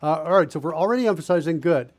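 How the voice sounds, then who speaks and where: Rapid-fire and animated, a man with a slightly mellow voice on the high side streams himself coding live. He talks through his thoughts as he types, correcting himself as he goes in a casual narration.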